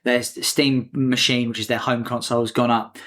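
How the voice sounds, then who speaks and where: A man's voice: mid-range voice, level tone, brisk, fairly bright tone. A man hosting a casual podcast chat, jokey and ranty, swearing freely. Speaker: podcast host.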